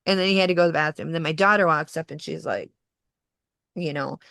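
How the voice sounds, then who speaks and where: Woman in her forties, podcast guest, low gravelly voice, lively storyteller who acts out quotes, dry close sound. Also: fast talker, dry recording. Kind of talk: personal storytelling in casual conversation.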